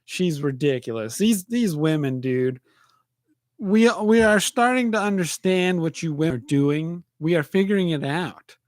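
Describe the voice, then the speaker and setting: A man's voice: on the high side, measured pace, no room sound, clean studio sound. A man in his forties, a podcast host, telling a rambling story in casual chat, peppering it with dude and man. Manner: animated storytelling, says dude and man a lot.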